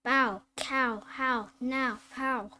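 A woman reading phonics drills and simple sentences aloud, slow and deliberate, word by word. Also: high voice, steady tone, sharp tone, slight background noise. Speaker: phonics teacher.

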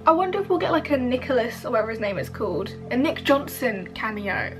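A young woman hosting a reaction video, chatting casually and gushing excitedly over what she watches. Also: fairly high pitch, fast talker. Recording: voice over show audio with music.

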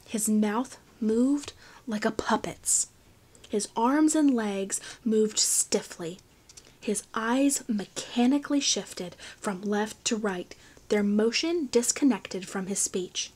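A woman narrates a thriller novel for an audiobook at an unhurried pace. Her delivery is hushed and even, and her pitch sits in the middle. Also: husky. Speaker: audiobook reader.

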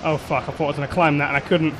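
A man commentating on his own gameplay, excitable, swearing, shouting and laughing at the action. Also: on the high side, rapid-fire, noisy background. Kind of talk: let's play commentary.

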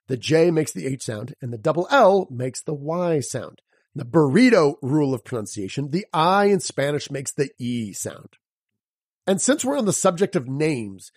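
A man hosting a solo podcast lesson. He spells words out letter by letter and asks his listeners rhetorical questions in a lively, teacherly way. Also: a little high, slightly rough, dry recording, studio quality. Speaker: podcast host and sales coach.

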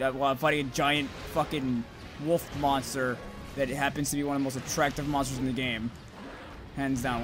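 A young man commentating his own gameplay, rambling to himself and cursing loudly at the monsters. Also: on the high side. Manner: profane, rambling, yells at monsters.

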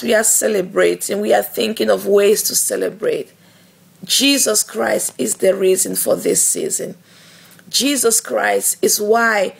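Slow, gravelly-voiced woman evangelist. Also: mid-range voice. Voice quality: gravelly, husky voice. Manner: slow, earnest, encouraging, with fillers and repetitions. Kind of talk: devotional video message.

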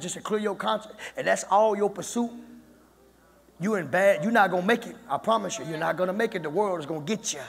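Male pastor, high gravelly voice, sermon rising to shouts, long church reverb. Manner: preaching that builds to shouting. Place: church sanctuary.

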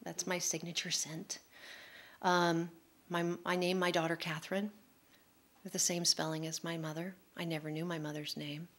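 A middle-aged woman, an author, telling an emotional personal story at a public talk in a candid, quick-flowing way. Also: on the low side, level tone, a bit bright. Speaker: author speaking at a public forum.

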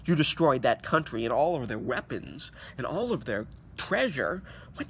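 A man's voice: on the high side, big pitch swings, moderate pace, slight background noise. Agitated man ranting outdoors. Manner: agitated, sarcastic, rising to near-shouts and dropping to mock whispers. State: losing his voice. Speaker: political commentator. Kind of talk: ranting monologue to camera.

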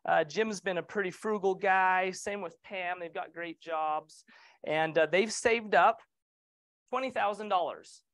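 A man's voice: high-pitched, fairly bright tone, dry recording. Casual man coaching a room. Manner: casual, joking, asks the room questions. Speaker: real estate trainer. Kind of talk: training session talk.

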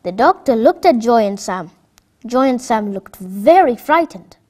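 A woman narrates a children's story aloud. She reads clearly and expressively, with a higher pitch that rises and falls a lot. Her pace suits young listeners. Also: expressive, a little slow, darkish tone.

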